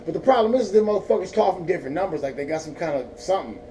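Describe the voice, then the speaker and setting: Talking very fast, a stoned vlogger from Northern California's Central Valley spins a rambling, foul-mouthed story in a relaxed style. His voice sits high, mellow and expressive, and the mic is distant with faint background noise.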